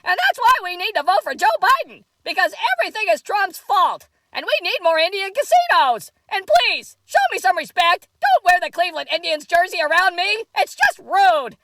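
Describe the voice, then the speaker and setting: A woman's voice: very high-pitched, very animated, normal speed, hardly any pauses, fairly bright tone, no echo, full character voice. A woman doing a comedy sketch impression of a folksy, overly chummy female politician.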